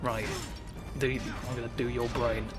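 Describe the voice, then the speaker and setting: A man's voice: medium pitch, unhurried, music in the background. A man giving sardonic gameplay commentary, grumbling and swearing at the game. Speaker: let's play commentator.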